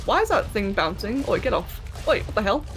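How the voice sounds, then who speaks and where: A woman's voice: mid-range voice, very animated, a little fast, faint music behind. A woman streaming a game live, chatting casually, thinking aloud and answering her chat as she plays.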